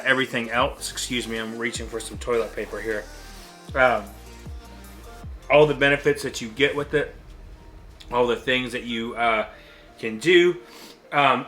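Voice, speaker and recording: Casting: chatty male vlogger, bright clear tone, mouth on fire from hot sauce, halting with ums. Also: medium pitch. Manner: nervous, chatty, frequent ums. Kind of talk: casual vlog chat.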